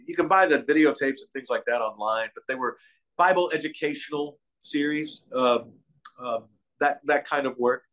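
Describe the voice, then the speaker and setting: An older actor from Kentucky, USA, appears as a guest in a casual interview, telling meandering stories. His voice is on the high side and a bit bright.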